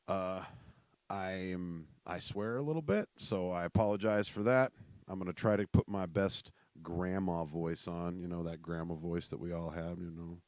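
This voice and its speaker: Podcast host, a man from South Dakota, low and close, rambling and chatty, restarts a lot. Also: moderate pace, darkish tone, no room sound. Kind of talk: casual solo podcast chat.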